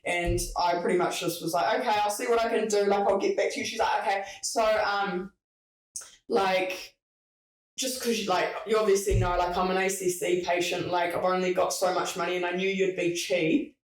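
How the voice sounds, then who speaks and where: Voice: medium pitch, flat delivery, moderate pace. A podcast host telling a work story in casual chat, swearing freely and acting out the dialogue. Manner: chatty, swears freely, acts out quoted dialogue. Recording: roomy, distant mic.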